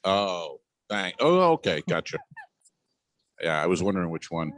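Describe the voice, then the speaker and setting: A man's voice: low-pitched, big pitch swings, measured pace, a bit bright. A man co-hosting a comedy podcast, rambling through a loose, profane story while out on a cruise ship's pool deck. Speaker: podcast co-host. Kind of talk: casual comedic chat.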